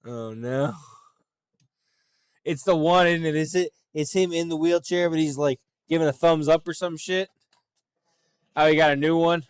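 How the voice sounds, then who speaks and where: A young man giving casual, profane commentary while playing a game, laid-back and breaking into loud laughter. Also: a little high, normal speed, pauses often, clear, resonant tone, no echo, studio quality. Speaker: streamer.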